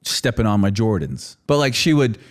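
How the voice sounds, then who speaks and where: A man's voice: lowish voice, very animated, normal speed. Rambling, laughing man in his thirties. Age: 30s. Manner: rambling storytelling with many fillers and laughs. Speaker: podcast guest. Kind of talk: casual chat.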